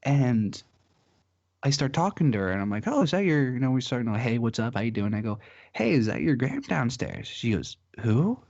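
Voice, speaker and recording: A man's voice: medium pitch, expressive, normal speed, darkish tone, no echo. A young man on a casual podcast, telling a laid-back ghost story and laughing his way through it. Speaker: podcast co-host. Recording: slightly dull, lo-fi mic.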